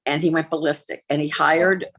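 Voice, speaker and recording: Woman in her sixties, low voice, husky, interview guest, animated storytelling, candid. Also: normal speed. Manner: animated, acts out quoted dialogue; candid, aggrieved. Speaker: interview guest, actress and former TV host.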